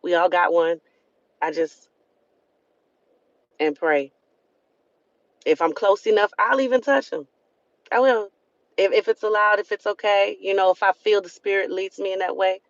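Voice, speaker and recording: A woman's voice: mid-range voice, normal speed, pauses often, dry recording. A woman with a Southern US accent, hosting a live stream and giving an earnest, preachy motivational talk that repeats phrases for emphasis. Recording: dull lo-fi sound.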